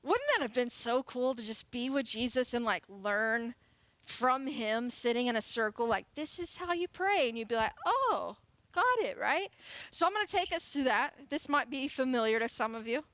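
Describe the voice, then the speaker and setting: A woman's voice: on the high side, normal speed, fairly bright tone, no room sound. A woman in her late twenties, a youth pastor, giving a sermon in a chatty, playful way and laughing often. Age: late 20s. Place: church sanctuary.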